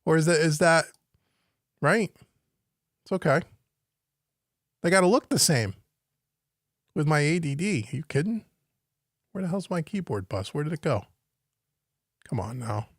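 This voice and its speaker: A man's voice: fairly high pitch, lively intonation, moderate pace, long pauses, dry recording, studio quality. A man teaching home recording on a live stream, thinking aloud as he works and puzzling over what he sees on screen. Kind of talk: live-stream software walkthrough. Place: home studio.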